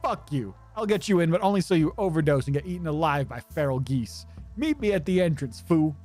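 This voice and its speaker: Dude doing a cocky squirrel mobster, snappy trash talk, slightly high voice. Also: male voice, animated, darkish tone, soft background music. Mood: threatening. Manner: fast, taunting trash talk. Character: sneering male squirrel mobster, cocky and insulting.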